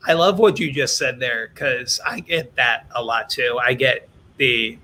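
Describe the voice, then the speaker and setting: A man's voice: medium pitch, unhurried, few pauses, bright, forceful tone, a little hiss or hum. A man hosting a live-streamed interview on a video call, reading viewer questions aloud and rephrasing them for his guest. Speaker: host.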